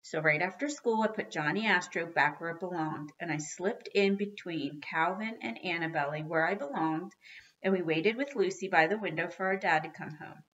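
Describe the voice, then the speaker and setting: A woman reads a children's book aloud with expressive storytelling. Her voice is bright and sits a little low. The recording is dull and lo-fi. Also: moderate pace. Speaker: reader.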